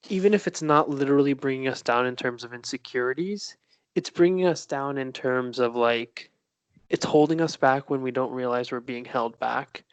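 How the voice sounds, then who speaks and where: Man, podcast co-host, hoarse from laughing, candid and reflective, dry close sound, mid-pitched. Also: dry recording. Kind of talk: casual podcast chat over a video call.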